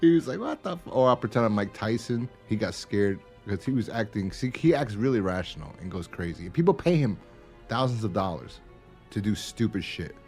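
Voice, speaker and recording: A man's voice: fairly low pitch, lively intonation, fairly quick, darkish tone, faint music behind. A man co-hosting a podcast in casual chat, rambling, laughing and swearing as he retells stories. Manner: rambling, swears and laughs often, acts out quotes. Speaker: podcast co-host.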